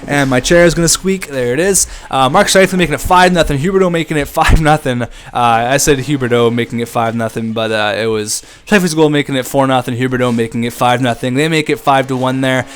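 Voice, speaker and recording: A young man giving casual, excitable commentary on a hockey video game, chatting to his viewers. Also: mid-range voice, fast, few pauses, clean tone. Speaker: gaming YouTuber. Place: home room at a desk with a squeaky chair.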